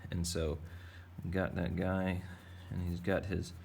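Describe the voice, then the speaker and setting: Playful rambling guy teaching kids to draw, deep voice, bit of gravel, faint hum behind. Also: completely flat delivery, unhurried, darkish tone. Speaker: art teacher. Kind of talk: casual drawing lesson for kids.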